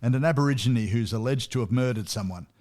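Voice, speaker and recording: A man's voice: mid-range voice, fast talker, darkish tone, close to an everyday voice. Man imitating a hard-living northern rocker: Northern English accent, dry, offhand. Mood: wry. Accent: Northern English, put on. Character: rough-living northern English male rock singer.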